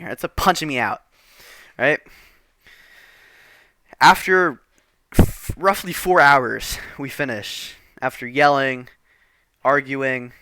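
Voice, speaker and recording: A man's voice: mid-range voice, pushed and bright, smooth, no echo, studio quality. A man telling a rambling, profane storytime, exasperated and casual.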